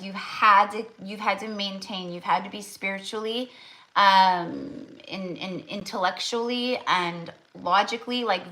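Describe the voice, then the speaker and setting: A woman talks viewers through a tarot card pull in a loose, rambling way. Her voice is bright and forward, and she keeps starting over and scattering "like" through every sentence. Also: mid-range voice, rough recording. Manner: rambling, full of "like" and restarts. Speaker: tarot reader. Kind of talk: casual tarot reading for viewers.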